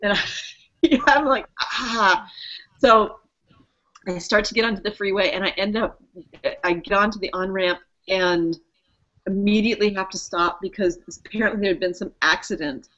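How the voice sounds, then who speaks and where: A woman co-hosting a casual podcast, telling a story in an animated way, swearing and laughing as she goes. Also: medium pitch, normal speed. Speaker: podcast co-host. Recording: muffled lo-fi audio.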